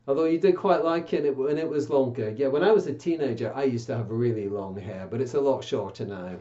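A children's church presenter reading a Bible passage and then chatting playfully with puppets, coaxing and gently scolding them. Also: mid-range voice, animated, a little fast, few pauses, dull audio, slight background noise.

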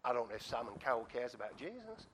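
A man preaching a sermon and telling a story with animated asides to the congregation. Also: mid-range voice, quick pace, a little hiss or hum.

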